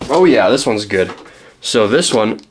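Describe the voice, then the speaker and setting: Young canadian guy rambling about thrift books, kinda low voice, faint hiss behind. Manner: rambling, self-deprecating, many ums and restarts. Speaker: book vlogger. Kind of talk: casual chat showing thrifted books.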